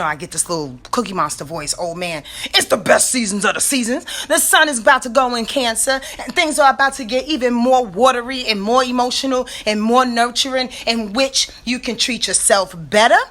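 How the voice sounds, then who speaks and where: A woman astrologer giving a casual weekly rundown, slangy and animated, talking straight to her listeners. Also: high-pitched.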